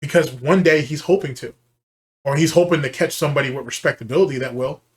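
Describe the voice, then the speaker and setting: A man's voice: a little high, quick pace. A man hosting a commentary channel, ranting in a heated, profane and scornful way while reacting to a clip.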